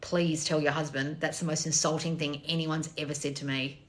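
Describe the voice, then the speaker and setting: A woman's voice: sits low, level tone, normal speed. A woman coach on a live stream answering chat questions, blunt and sarcastic, swearing freely. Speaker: manifestation coach.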